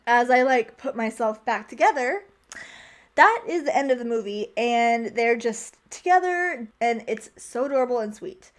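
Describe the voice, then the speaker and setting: A young woman talks through a movie plot for her vlog in a high, bright-sounding voice. She is chatty and gushing and fills her sentences with "like". The tone is casual and unscripted. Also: expressive, normal speed. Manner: chatty, heavy use of "like", gushing. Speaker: movie commentary vlogger.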